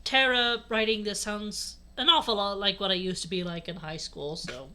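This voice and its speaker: A woman's voice: mid-range voice, moderate pace, sharp tone. A woman reading a fanfic aloud as host, breaking off for wry asides. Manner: reads aloud with frequent wry asides and laughter. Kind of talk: comedic dramatic reading.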